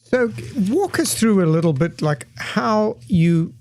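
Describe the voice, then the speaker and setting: A man's voice: sits high, animated, takes it slowly, darkish tone. A man with an accent hosting a podcast interview, asking questions and teasing his guest. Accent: non-native English. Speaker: podcast host.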